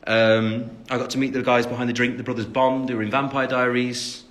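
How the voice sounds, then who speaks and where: A man's voice: medium pitch, little pitch movement, a little fast, fairly bright tone. English guy in his 20s rambling on a phone livestream, lots of ums, jokey, laughs at himself. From England. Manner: chatty and rambling, with many fillers and restarts. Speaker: livestream host answering fan comments. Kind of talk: casual livestream chat.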